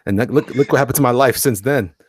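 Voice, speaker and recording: A man co-hosting a casual podcast chat, telling rambling, animated stories. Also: mid-range voice, quick pace. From Tampa, Florida. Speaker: podcast co-host.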